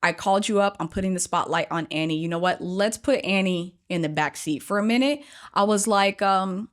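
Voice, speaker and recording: A woman guest telling a workshop story in a lively, conversational way, often acting out what people said. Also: medium pitch, brisk. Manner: animated, acts out quoted voices.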